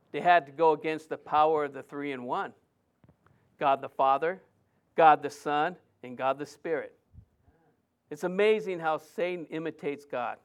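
High-voiced man preaching a storytelling sermon. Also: clear, resonant tone. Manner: storytelling, lively, with many restarts and fillers.

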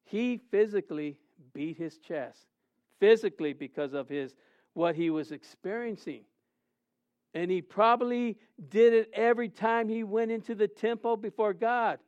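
A middle-aged man preaching a sermon as pastor, his delivery swinging between emotional, raised passages and quiet, subdued confessions. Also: high voice, moderate pace, clear, resonant tone, no echo, muffled recording. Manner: emotional preaching with rising and falling intensity.

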